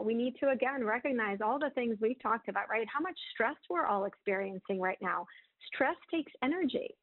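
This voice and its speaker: A woman's voice: fairly high pitch, no room sound. A woman giving advice on a webinar in a chatty way, with many fillers. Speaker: webinar speaker. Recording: tinny phone-like line.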